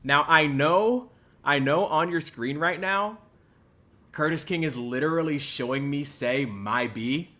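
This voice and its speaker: A young adult man hosting a podcast, delivering an exaggerated, sarcastic mock apology that swings between loud outbursts and muttered asides. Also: a little high, a little slow. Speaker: podcast host.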